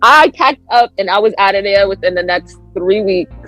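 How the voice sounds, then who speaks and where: At a normal speed, the American podcast guest animatedly narrates a story, acting out quotes with big jumps in her voice. Faint music plays behind her, and the audio is poor.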